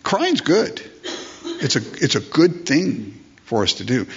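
Older male pastor, sermon delivery, rhetorical questions, mid pitch, slightly husky; muffled recording. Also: wildly swooping pitch, a little slow. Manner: emphatic, repeats phrases, asks rhetorical questions.

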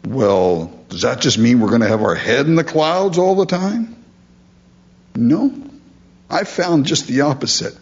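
Male pastor, unhurried and earnest, preaching with lively rises and falls in pitch, slightly muffled lo-fi sound. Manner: earnest, emphatic preaching with rhetorical questions. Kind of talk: sermon.

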